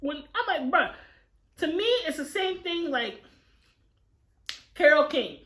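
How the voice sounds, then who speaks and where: A young adult woman co-hosting a food chat, telling stories in a loud, profane, animated way. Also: sits high, unhurried. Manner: animated, profane storytelling with heavy swearing. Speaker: mukbang co-host, daughter. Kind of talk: casual chat.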